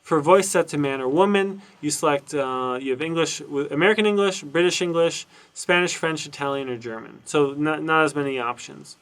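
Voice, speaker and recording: A man lecturing informally over a screen recording, his voice sitting a little high for a man. He thinks out loud as he goes, with plenty of ums, uhs and restarted phrases. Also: moderate pace, hardly any pauses. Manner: thinks aloud with many fillers and restarts. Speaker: university lecturer. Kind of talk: casual recorded lecture walking through documentation.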